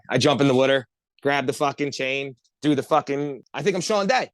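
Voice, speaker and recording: Fast-talking profane man telling a story. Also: medium pitch, dry recording. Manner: profane, animated, rambling storyteller. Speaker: podcast co-host. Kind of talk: casual storytelling among friends.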